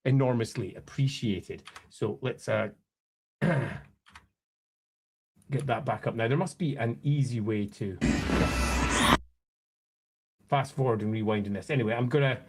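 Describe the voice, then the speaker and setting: A man's voice: mid-range voice, moderate pace, background noise. A man from the UK chatting casually on a live stream, rambling with friendly asides. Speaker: streamer reacting to a trailer.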